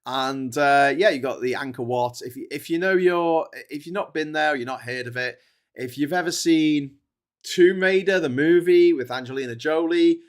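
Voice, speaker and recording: A man's voice: fairly high pitch, moderate pace. A man hosting a livestream, telling a rambling travel story in a chatty way. He often breaks off mid-sentence and laughs at his own story. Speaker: livestream host.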